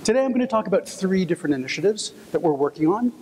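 A man's voice: sits high, expressive, very fast, darkish tone, slightly rough. A man from Texas giving a conference presentation, friendly and personal, telling stories with fillers. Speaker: conference speaker. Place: conference hall. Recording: echoey hall, long reverb.

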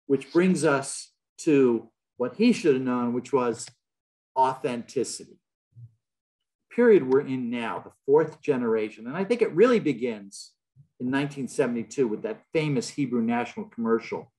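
A man's voice: mid-range voice, animated, moderate pace, darkish tone. A man giving an illustrated public lecture in a large hall, telling stories with a wry, joking manner.

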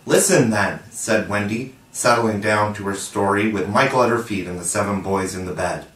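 Brief: male audiobook narrator, measured storytelling, distant roomy mic. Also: on the low side, fairly even intonation, a bit bright. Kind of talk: expressive audiobook reading.

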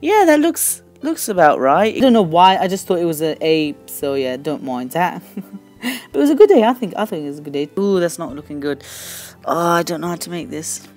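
A teenage boy giving excitable gameplay commentary as a channel host, shouting and squealing at big moments and then dropping to quick mumbled asides. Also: a little high, faint music behind.

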